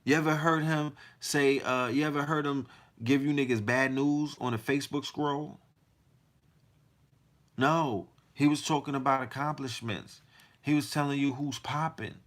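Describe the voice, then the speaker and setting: A man hosting a podcast, delivering a heated, profane monologue full of rhetorical questions. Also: mid-range voice. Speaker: podcast host.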